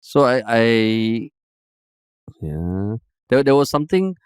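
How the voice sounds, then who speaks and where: Smooth Singaporean man, animated podcast chat. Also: mid-range voice, slow, no room sound, studio quality. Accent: Singaporean English. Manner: animated storyteller, jokey. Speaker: podcast co-host. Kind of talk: casual chat.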